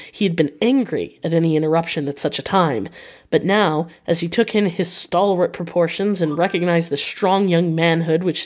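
A woman's voice: on the low side, darkish tone. Woman reading a classic novel aloud. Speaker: audiobook reader.

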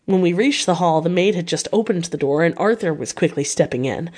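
A woman's voice: lowish voice, animated, a little fast, a little mellow, husky. Woman reading a classic novel aloud. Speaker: audiobook reader.

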